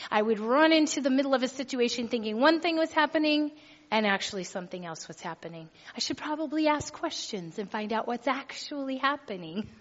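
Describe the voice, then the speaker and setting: A middle-aged woman delivers a sermon, telling a personal story with an animated, chatty warmth and frequent laughter. Her voice sits a little high for a woman. The sound is somewhat dull and hangs in a long hall reverb. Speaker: preacher.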